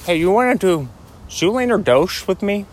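A man's voice: high-pitched, expressive, normal speed, pitched above the performer's own voice. A man doing a drawling laid-back surfer dude. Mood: goofy. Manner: drawling, repeats "hey" and "dude".

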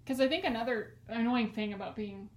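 In an echoey room, a California woman in her twenties talks briskly in a voice on the high side. She's co-hosting a podcast, rambling through a relaxed chat full of fillers like "like" and plenty of laughs.

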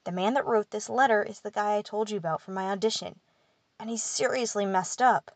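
A woman's voice: medium pitch, fairly quick, no echo, natural voice. A woman voicing a young male fairy-born prince, dry and sardonic, in an audiobook. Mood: explaining.

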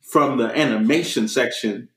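A man's voice: mid-range voice, moderate pace, a bit bright, reverberant, rough recording. A man co-hosting a podcast, recapping a movie scene by scene, swearing freely and acting out the characters' lines. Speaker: podcast co-host. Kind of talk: casual movie recap chat.

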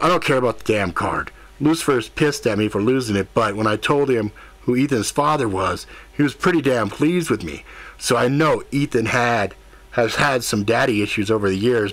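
A man's voice: on the low side, a bit bright. A man voicing a brash, crude male demon who talks in a cocky, flirtatious way. The reading is an audiobook character voice.

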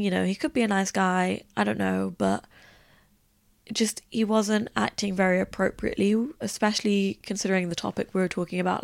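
A woman's voice: medium pitch, gravelly, dry recording, clean studio sound. A young woman, hosting a podcast and telling stories in a chatty, rambling way with lots of "like". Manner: chatty, rambling, heavy use of "like". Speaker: podcast host. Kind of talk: casual storytelling chat.

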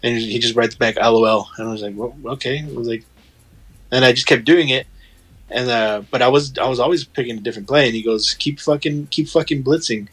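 A man's voice: mid-range voice, fairly even intonation, fast, fairly bright tone. A man in casual chat, telling a rambling, profane story and quoting what others said.

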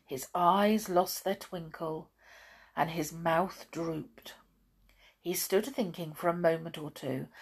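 Woman reading a children's story aloud, slow, breathy, low-ish voice, expressive.

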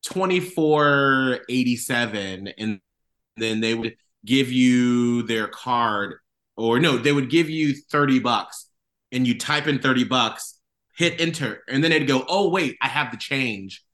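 Bright-voiced chatty man. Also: medium pitch, slow pace. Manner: animated, self-mocking storyteller. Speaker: radio host guest. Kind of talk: casual interview chat.

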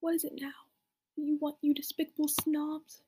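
A woman voicing a grumpy, mean old male wizard headmaster in whispered role-play, her voice soft and scornful. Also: high voice, monotone, brisk.

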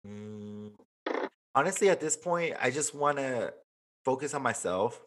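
A man's voice: medium pitch, animated, unhurried, a bit bright. A man co-hosting a casual podcast, chatting loosely with laughter and swearing, slipping into Spanish now and then. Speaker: podcast co-host. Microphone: desk microphone, close.

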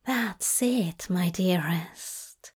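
A woman voicing a tender, possessive angel man who murmurs softly, often in a whisper. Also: medium pitch, expressive, slow. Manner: soft, murmuring, partly whispered.

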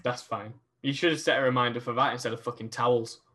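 Bright-voiced young man. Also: mid-range voice, steady tone, fast talker. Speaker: podcast co-host. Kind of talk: casual chat.

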